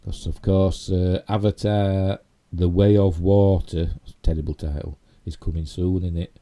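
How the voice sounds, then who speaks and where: This middle-aged man from Yorkshire, England, speaks in a low, warm, level voice, a little slowly. Hosting a casual YouTube live stream, he chats in a rambling way and pokes fun at himself, with a Yorkshire accent.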